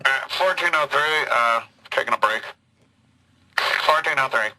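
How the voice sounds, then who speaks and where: A man's voice: mid-range voice, a little slow, noisy background, close to an everyday voice. Man doing a bored, drawling police radio cop. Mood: deadpan.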